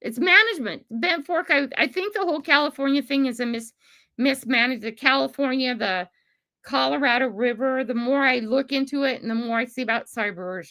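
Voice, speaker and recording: A woman's voice: high voice, fairly quick, pushed and bright. An older woman hosting a casual livestream, talking passionately and emphatically, rambling and laughing often. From Pacific Northwest of the USA. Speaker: livestream host.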